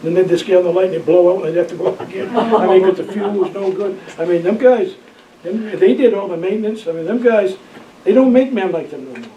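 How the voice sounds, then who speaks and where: A man's voice: sits high, quick pace, crowd noise. An older man, telling rambling, folksy stories from his Coast Guard days in an oral history interview, laughing often. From Maine, USA. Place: library room. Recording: roomy, distant, dull, faint hiss.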